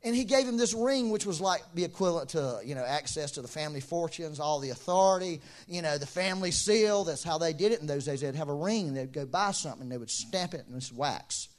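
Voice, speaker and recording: A man's voice: fairly high pitch, animated, quick pace, few pauses. A middle-aged man preaching a sermon, telling stories, acting out quoted voices and laughing often. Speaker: pastor.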